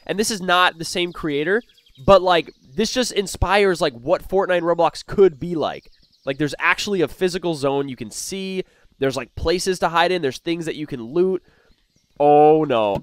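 A young man commentating his own gameplay for viewers. His voice sits a little high and leaps around constantly, dropping to quick mutters and then bursting into loud excited yells. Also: dry recording. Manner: excitable, jumps between hushed muttering and loud outbursts. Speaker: gaming YouTuber.

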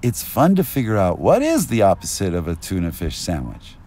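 A man rambling through an agitated street monologue, at times rising to yelling, recorded outdoors on a binaural mic. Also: deep voice, huge pitch swings, normal speed. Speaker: vlogger.

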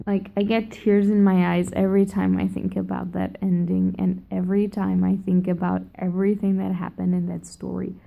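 A woman's voice: on the low side, flat delivery, normal speed, gravelly, few pauses, phone-quality sound. Gushing young woman vlogging in an echoey room. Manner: gushing and emotional, laughs often. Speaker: book vlogger. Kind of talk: casual vlog chat.

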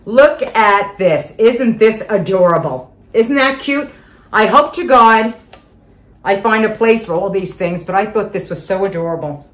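A woman's voice: mid-range voice, lively intonation, unhurried, a bit bright. Gushing older woman showing off a haul. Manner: gushing, repeats herself, frequent laughs. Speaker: vlogger showing a shopping haul. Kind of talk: casual chatty haul video. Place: at home.

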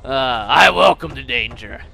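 A man's voice: medium pitch, animated, a little slow, creaky, bright, forceful tone. A man hosting a gaming channel, commenting casually on his gameplay with crude jokes and swearing. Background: faint game music.

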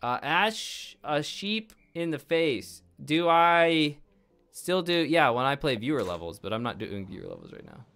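Brief: young male gamer, jokey, bright tone, drawn-out delivery with sudden shouts. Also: fairly high pitch, vocal fry. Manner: excitable, jokey, bursts into yelps and shouts. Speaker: gaming video host. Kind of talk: let's play commentary.

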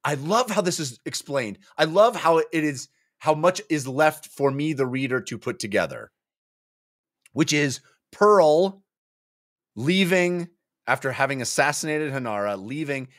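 A man's voice: fairly high pitch, expressive, measured pace, a bit bright, dry recording, clean studio sound. A man co-hosting a casual book club chat, recapping chapters and acting out characters' lines in playful voices. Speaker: podcast co-host.

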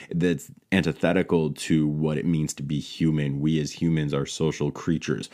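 A man with a remarkably deep, low-pitched voice talks alone on his podcast. He explains his subject in an earnest, teaching manner and often pauses to rephrase or qualify what he has just said. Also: level tone, a little mellow. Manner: earnest, explanatory, self-correcting. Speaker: podcast host. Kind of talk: solo educational podcast talk.

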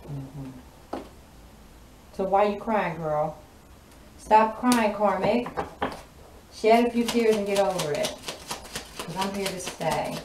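A woman's voice: medium pitch, takes it slowly, pauses often, far from the mic. Sassy woman in an echoey room. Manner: sassy, drawling, laughs often. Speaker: tarot reader. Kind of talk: channeling spoken tarot reading. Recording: echoey room, voice off-mic, noisy.

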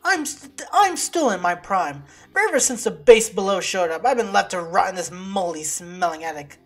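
A woman's voice: fairly low pitch, animated, moderate pace, soft background music. Woman reading a bitter wooden attic base. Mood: resentful.

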